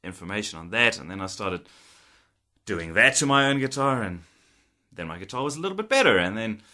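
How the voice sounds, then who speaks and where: A man's voice: on the low side, big pitch swings, a little fast, sharp tone. A man in his thirties, a guitar technician, casually telling a story to camera. He is chatty, laughs often and acts out old conversations.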